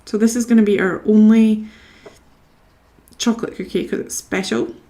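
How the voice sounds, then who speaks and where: A woman's voice: mid-range voice, steady tone, normal speed, warm tone. A young woman from Scotland chatting casually to her live-stream viewers while she colours, reading out their comments and talking to herself as she works.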